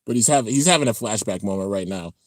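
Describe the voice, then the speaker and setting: A man hosting a casual live-stream reaction, talking excitedly and rambling as he comments on an episode. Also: fairly low pitch, fast, no room sound. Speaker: channel host reacting to an anime episode.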